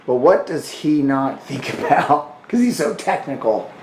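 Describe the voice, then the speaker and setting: A man's voice: on the high side, expressive, a little slow, darkish tone, a little hiss or hum. Laughing, swearing man in an echoey room. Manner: laughing, profane, many "like" fillers. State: tired from sparring. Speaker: co-host. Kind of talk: casual chat commenting on a sparring video. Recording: roomy echo.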